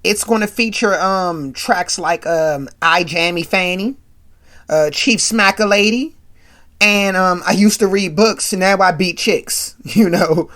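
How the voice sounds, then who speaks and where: A woman's voice: lowish voice, slow. A woman hosting a casual, rambling recap with lots of asides. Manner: rambling, animated, full of asides. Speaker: podcast host. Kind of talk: casual episode recap commentary.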